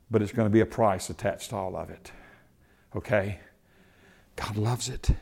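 A man preaching a sermon, swinging between loud, shouted exhortation and quiet, low asides.

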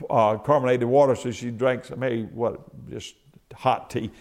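A middle-aged man preaching a sermon, folksy, moving from quiet storytelling to shouted exhortation. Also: medium pitch, a little slow.

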